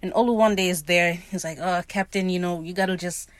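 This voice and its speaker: A recap podcaster with a lowish voice casually goes over a TV episode in a dry recording. She's animated, swears freely, and briefly acts out characters' lines in quick voices.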